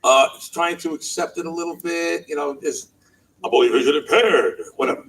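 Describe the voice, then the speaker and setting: A man's voice: a little high, fairly quick, gravelly, fairly bright tone, far from the mic, low-quality recording. A man from New Jersey giving a humorous personal storytelling speech at a banquet, chuckling often and acting out the lines of the people in his story. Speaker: banquet speaker. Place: banquet hall.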